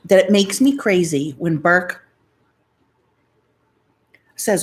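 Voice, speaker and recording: A woman's voice: medium pitch, measured pace, long pauses, husky, rough recording. A middle-aged woman chatting casually and rambling to her viewers on a live stream. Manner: rambling, talks straight to viewers. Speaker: mukbang vlogger.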